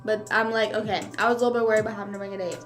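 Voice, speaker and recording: A woman's voice: mid-range voice, steady tone, rapid-fire, soft background music. A young woman streamer in casual mukbang chat, rambling with lots of fillers and talking while she chews.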